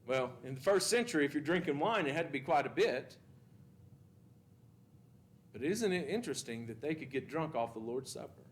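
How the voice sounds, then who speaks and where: A man leads a Bible class in a church classroom. His voice sits a little high for a man, and he reads scripture with emphasis and puts questions to his students. A soft rumble runs faintly underneath. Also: expressive, moderate pace, pauses often.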